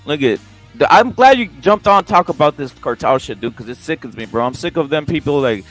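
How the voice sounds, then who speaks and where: A man's voice: a little high, lively intonation, brisk, fairly bright tone, faint music behind. A man on a heated livestream discussion who keeps cutting in and repeating himself. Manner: interjecting, repetitive, says "bro" constantly. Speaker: livestream co-host.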